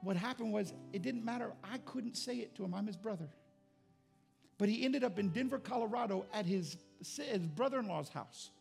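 A middle-aged pastor preaches with earnest, personal storytelling that builds into impassioned intensity. His voice sits high for a man and has a gravelly edge. Faint instrument music plays behind him. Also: moderate pace, darkish tone. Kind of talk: sermon.

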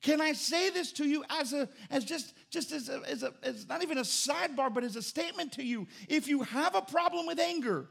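Man, pastor, sermon, high voice, gravelly, conversational and joking. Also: brisk, few pauses. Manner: conversational preaching, animated and joking.

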